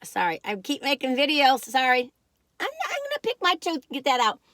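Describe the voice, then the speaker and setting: This woman in her sixties reviews food on camera, chatty, rambling and self-deprecating, in a slightly squeaky voice softened by the years. Her pitch swoops wildly, her pace is a little fast, and her tone a bit bright, with no room sound at all.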